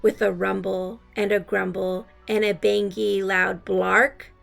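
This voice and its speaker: A woman reading a rhyming picture book aloud in a slow, rhythmic delivery. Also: mid-range voice, flat delivery, gravelly, soft background music. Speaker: storybook reader.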